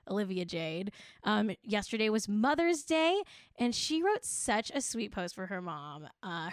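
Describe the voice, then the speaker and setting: Woman doing a snarky pop culture podcast, kinda high voice, dry close sound. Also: dry recording. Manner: sarcastic, mock-earnest, laughing often. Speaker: podcast host. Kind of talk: comedic pop culture commentary.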